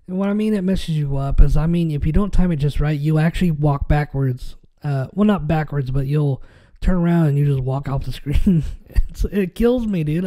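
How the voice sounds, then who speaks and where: A stuffy-nosed man hosts a podcast in loose casual chat. His voice sits a bit high yet very dark and mellow in tone. He rambles, halts, and restarts through a stream of fillers. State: stuffy nose. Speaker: podcast host.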